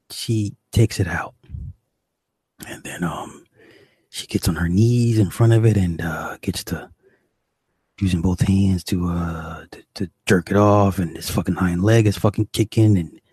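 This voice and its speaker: A man's voice: low voice, steady tone, measured pace, darkish tone, husky, no echo. A young man doing stand-up, telling a crude story in a profane, exasperated, rambling way. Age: young adult. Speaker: stand-up comedian.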